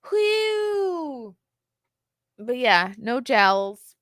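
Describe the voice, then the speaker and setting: A woman's voice: lowish voice, unhurried, creaky, no echo, clean studio sound. A woman hosting a casual livestream, candid and chatty, often laughing and reading viewer comments aloud. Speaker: livestream host.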